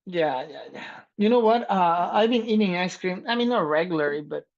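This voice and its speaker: A man co-hosting a podcast, talking loudly and excitedly in casual chat and laughing often, with a slight lilt. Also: high voice, brisk, lo-fi sound, crowd noise. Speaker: podcast co-host.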